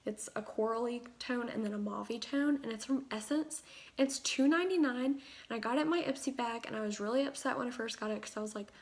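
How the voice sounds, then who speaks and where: Talking fast in a slightly high voice that's a bit bright yet gravelly and fry-tinged, a young woman walks viewers through a makeup tutorial. This beauty vlogger rambles, drifts off on tangents and leans on fillers, like she's chatting with friends in her room.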